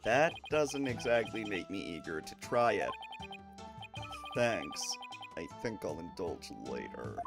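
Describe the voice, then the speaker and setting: A man's voice: fairly low pitch, big pitch swings, takes it slowly, heavily acted. A man voicing a wry grown-up lawyer traveling abroad, reading game dialogue in a near-everyday voice. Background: game music.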